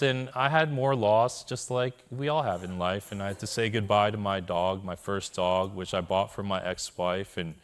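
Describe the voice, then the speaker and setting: A man's voice: on the low side, normal speed, hardly any pauses, clear, resonant tone. A man telling his personal story to a live audience in a keynote talk, with candid, self-deprecating humor, often checking in with the listeners. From Korea. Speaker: conference speaker.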